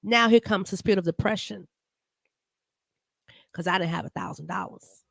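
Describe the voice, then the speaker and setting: A woman's voice: medium pitch, normal speed, vocal fry, fairly bright tone, dry recording, studio quality. A woman hosting a live-stream talk show, giving casual, earnest commentary and talking to her viewers by name, sometimes emotional.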